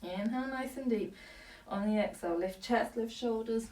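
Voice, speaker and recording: A woman yoga teacher guiding a class with calm, breath-paced cues and short commands, slightly out of breath. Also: a little high, normal speed. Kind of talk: guided yoga class instruction. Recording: echoey room, voice from a distance.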